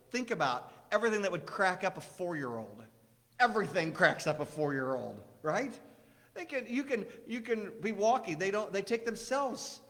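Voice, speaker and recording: A man gives a sermon, talking with the congregation in a loose, conversational way and asking them questions. His voice sits a little high for a man. The church hall gives a long reverb. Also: fairly bright tone. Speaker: preacher.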